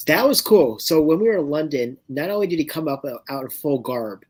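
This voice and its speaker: A man co-hosting a casual fan chat, telling relaxed convention anecdotes that often trail off quietly. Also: on the high side, brisk. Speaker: co-host of a fan watch-along show.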